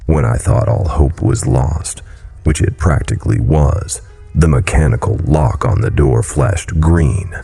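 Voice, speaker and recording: A man narrating a horror story in a low, brooding delivery. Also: measured pace, creaky, mellow, slightly rough, faint music behind.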